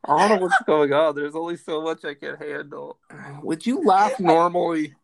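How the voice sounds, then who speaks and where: A young woman co-hosting a podcast in casual chat, teasing her friend in a dry, deadpan way. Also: deep voice, moderate pace, vocal fry. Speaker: podcast co-host.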